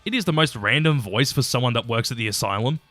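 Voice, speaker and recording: A man's voice: mid-range voice, fast, fairly bright tone, no room sound, faint music behind. A man giving a casual, opinionated episode-by-episode review, chatty and sometimes swearing. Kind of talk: casual commentary ranking episodes.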